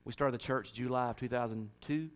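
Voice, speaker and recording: A man's voice: mid-range voice, fairly even intonation, a little fast. A man preaching and making church announcements in a folksy, joking, chatty way. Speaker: pastor.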